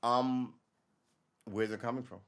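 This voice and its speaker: Brief: middle-aged male streamer, casual profane commentary, mid-pitch voice, rambles and acts out quick bits of dialogue. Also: steady tone, a bit bright, clean tone. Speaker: live stream host. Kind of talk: casual live commentary, reacting to a news article.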